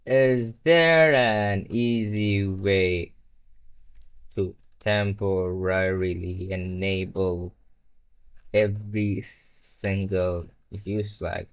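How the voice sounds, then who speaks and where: Swearing, rambling male live streamer. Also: fairly low pitch. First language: not English. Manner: rambling, swears when frustrated, talks to chat. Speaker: livestreamer. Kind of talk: casual live-stream chat while coding.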